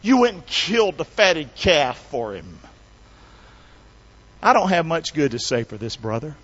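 A high-voiced man preaches in an animated way, calling for the congregation to repeat phrases with him. His delivery swings from loud and urgent to low and confiding, and the lo-fi recording is slightly dull. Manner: animated call-and-response preaching. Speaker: pastor. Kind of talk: sermon.

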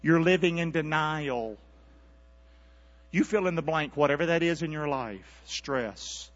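A man preaching a sermon, calling out to the congregation and swinging from near-whispers to shouts. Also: on the high side, a little slow, long reverb tail, dull audio. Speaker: pastor. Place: church sanctuary.

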